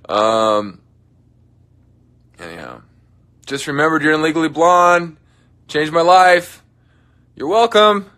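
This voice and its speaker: Young guy livestreaming from his dressing room, bright tone, jokey, drops to mumbles sometimes. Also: fairly high pitch, slow pace, pauses often. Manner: playful, joking, drifts into soft mumbles. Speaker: livestream host. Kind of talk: casual livestream chat reading comments.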